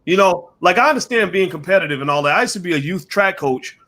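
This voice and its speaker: A man hosting a casual online panel discussion, animated, putting questions to his panelists and to the chat. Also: high voice, fast. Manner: animated, asks the audience for yes or no votes. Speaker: host of a panel show.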